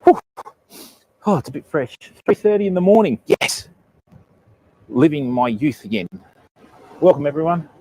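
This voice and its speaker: A man's voice: a little high, lively intonation, moderate pace, pauses often, darkish tone, rough recording. An Australian man chatting casually with viewers on his live stream while fishing outdoors at night, greeting each viewer by name and calling them mate and bud. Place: remote beach at night, outdoors.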